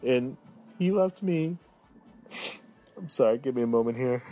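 A man's voice: medium pitch, lively intonation, slow pace, pauses often, darkish tone, soft background music. A man in his thirties hosting a solo podcast, hamming up his moods, sliding from self-pitying mumbles to indignant outbursts. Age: 30s. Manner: mock-dramatic, swinging from self-pitying to indignant. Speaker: podcast host.

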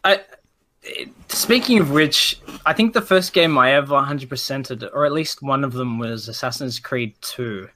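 A man's voice: medium pitch, moderate pace, bright, forceful tone. A man chatting casually about video games, rambling with many restarts and fillers. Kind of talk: casual gaming chat.

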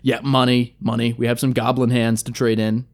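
A man's voice: medium pitch, little pitch movement, moderate pace, close to an everyday voice. A man voicing a crude, booze-loving stout dwarf adventurer who talks bluntly and jokes. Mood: flippant.

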